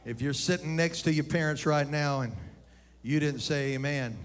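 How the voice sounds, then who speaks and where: A man preaching a lively sermon, calling out to the congregation and shouting at his peaks. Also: a little high, normal speed, a little hiss or hum. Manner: animated, addresses congregation directly, shouts at peaks. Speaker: pastor.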